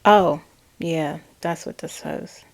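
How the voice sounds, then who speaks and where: Slow, creaky-voiced woman tarot reader. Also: low-pitched. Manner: slow and hesitant, reads out messages with frequent ums and self-corrections. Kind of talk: channeled message reading.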